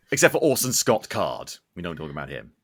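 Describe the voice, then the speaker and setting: A man's voice: low-pitched, huge pitch swings, moderate pace. A man hosting a podcast, chatting casually, laughing often and telling stories. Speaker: podcast host. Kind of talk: casual chat.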